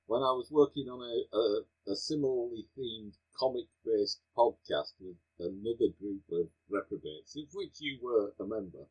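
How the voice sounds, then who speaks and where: A man's voice: on the low side, expressive, normal speed, hardly any pauses, darkish tone, slightly rough, low-quality recording. A man co-hosting a comic-book podcast, chatting casually with wry, mock-old-fashioned banter. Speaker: podcast co-host.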